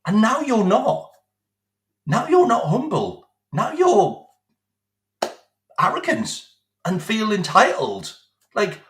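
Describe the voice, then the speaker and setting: A man's voice: sits high, wildly swooping pitch, slow, long pauses, a bit bright, reverberant. Sarcastic, sweary man ranting. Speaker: football fan vlogger. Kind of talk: ranting monologue.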